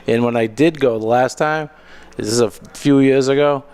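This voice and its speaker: A middle-aged man hosting a comedy show, telling stand-up stories with a dry, deadpan delivery. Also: mid-range voice, moderate pace, clear, resonant tone. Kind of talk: stand-up storytelling.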